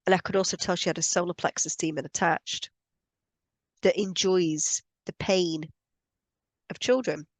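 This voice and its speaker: A woman's voice: lowish voice, steady tone, normal speed, long pauses, no echo. A woman speaking as a spiritual healer, explaining her views in an earnest, emphatic monologue and repeating points for stress. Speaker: spiritual healer teaching on energy.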